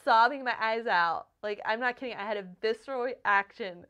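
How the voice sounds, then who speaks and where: A woman's voice: on the high side, moderate pace, smooth. A woman in her thirties co-hosting a book podcast, chatting casually, swearing freely and acting out the voices in the stories she retells. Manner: animated storytelling, swears freely, acts out quoted voices. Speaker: podcast co-host.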